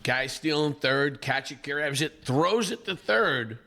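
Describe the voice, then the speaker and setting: A man, hoarse from a recent illness, animatedly telling stories in casual chat as a podcast co-host. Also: on the high side, slow pace. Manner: animated storyteller, acts out quoted people.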